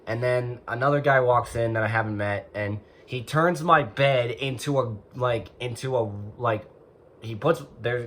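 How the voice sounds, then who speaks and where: A man's voice: mid-range voice, a bit bright, a little hiss or hum. A young man telling a personal story in a casual, rambling way, full of "like" and "and so". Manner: rambling, heavy use of "like" and "and so". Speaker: vlogger.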